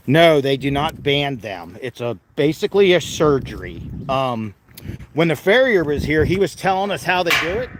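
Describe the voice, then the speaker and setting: A chatty man vlogging from his farm, with a somewhat high voice. He talks casually to the viewers and drops into soft coaxing tones for his animals, with animal noises in the background. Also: sing-song, moderate pace, slight background noise. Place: outdoors on a farm.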